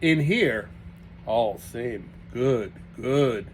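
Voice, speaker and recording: A man reading aloud and voicing a boisterous Russian man with a Russian accent who speaks in broken, clipped English and laughs loudly. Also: medium pitch, animated, very slow, slight background noise. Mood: earnest.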